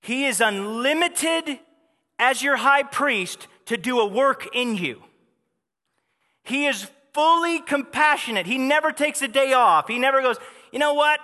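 A man delivers a sermon in a high, bright voice, pressing his points with fervent repetition. His words ring out with the long reverb of a large hall. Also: expressive, measured pace. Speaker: pastor.

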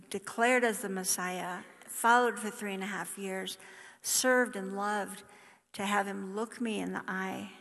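A woman preaching a sermon, reading scripture aloud with emphatic rises and soft hushed drops. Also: mid-range voice, vocal fry. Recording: long hall reverb.

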